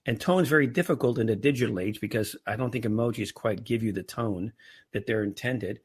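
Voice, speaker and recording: A man's voice: lowish voice, a little fast, breathy edge. A middle-aged man talking casually as a podcast guest, often restarting and repeating words. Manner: frequent restarts and stammered repeats. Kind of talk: casual interview talk.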